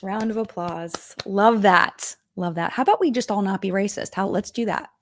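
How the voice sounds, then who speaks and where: A woman's voice: medium pitch, normal speed, dry recording, studio quality. A middle-aged woman hosting a live-stream chat, talking casually and emotionally, with many fillers and restarts. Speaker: live-stream commentary host.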